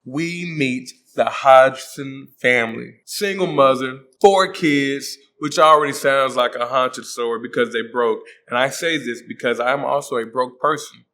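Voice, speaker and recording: A man's voice: mid-range voice, a little slow, few pauses, sharp tone. A man hosting a comedic movie recap, joking in slang and acting out the characters' voices. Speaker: host.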